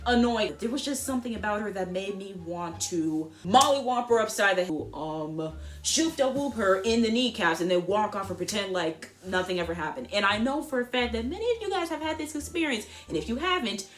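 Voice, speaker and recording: Animated teenage girl telling a story. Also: medium pitch, a little fast. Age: teens. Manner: animated, slangy storytelling with voiced asides. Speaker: vlogger. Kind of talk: storytime vlog.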